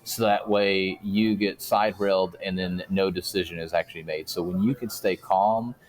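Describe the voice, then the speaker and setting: A man, a guest on a podcast interview, explaining things calmly with everyday examples. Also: deep voice, normal speed. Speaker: guest speaker. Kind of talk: casual interview talk.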